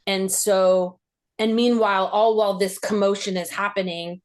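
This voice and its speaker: A woman hosting a podcast interview, recalling a personal memory in a reflective, halting way with many fillers, her voice rising as she relives tense moments. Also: medium pitch, fairly even intonation. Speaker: podcast host.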